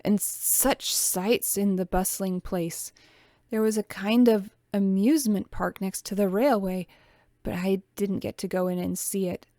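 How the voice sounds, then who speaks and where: A chatty young farm worker who recounts things matter-of-factly, read by a woman narrator. The voice is at an ordinary middle pitch. The recording is dry. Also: fairly even intonation, unhurried, dark tone, no room sound, close to an everyday voice.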